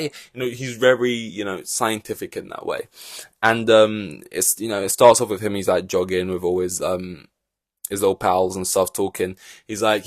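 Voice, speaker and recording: A man hosting a casual podcast, rambling in animated reaction chat with loose swearing and lots of fillers. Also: fairly low pitch, normal speed, no room sound. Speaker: podcast host.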